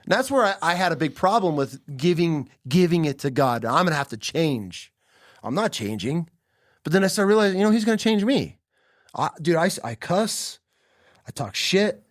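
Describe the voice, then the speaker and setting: A man hosting a podcast, telling a story in an animated, emphatic way with plenty of swearing. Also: a little high, moderate pace, no echo, clean studio sound. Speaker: podcast host. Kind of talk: casual conversation.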